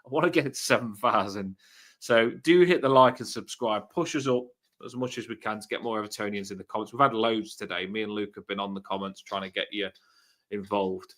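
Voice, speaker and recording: A man's voice: on the low side, a little fast. A man hosting a casual post-match fan stream, chatty and swearing freely. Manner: chatty, swears freely, loud bursts when wrapping up. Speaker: fan channel host.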